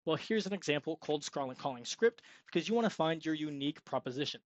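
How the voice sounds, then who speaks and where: A man's voice: on the high side, lively intonation, fast talker, dry recording, highs cut off. A young man giving an upbeat, salesy screen-share tutorial on freelance web design, sometimes acting out sample sales calls. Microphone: screen-recording mic.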